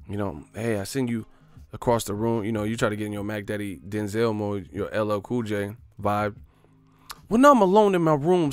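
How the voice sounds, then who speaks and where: Joking slangy man with a low voice. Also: fairly bright tone, no echo. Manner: loose, joking, slangy street talk with put-on voices. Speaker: boxing YouTuber. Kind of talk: casual comedic boxing commentary.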